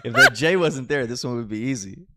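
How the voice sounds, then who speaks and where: A man's voice: mid-range voice, animated, a little fast, very noisy. A man co-hosting a casual podcast, easygoing and joking, laughing along. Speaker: podcast co-host. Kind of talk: casual chat.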